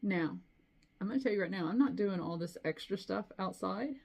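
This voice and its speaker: A woman's voice: mid-range voice, animated, normal speed, creaky, darkish tone, slightly rough. A middle-aged woman chatting casually to camera as a cross-stitch vlogger, rambling with frequent asides. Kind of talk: casual chat.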